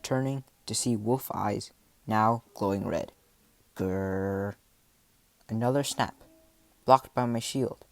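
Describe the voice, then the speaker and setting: A man reading a first-person adventure story aloud, with dramatic delivery and voiced shouts and animal sounds. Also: medium pitch, fairly even intonation, a little slow, gravelly, no echo, faint music behind. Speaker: audiobook narrator.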